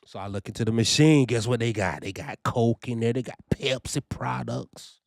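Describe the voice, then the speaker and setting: A young trucking vlogger gives a casual, animated first-person review of his trucking orientation, frequently dropping "you know" and "man." His medium-pitched voice has vocal fry at a normal pace, in studio-quality sound without room noise.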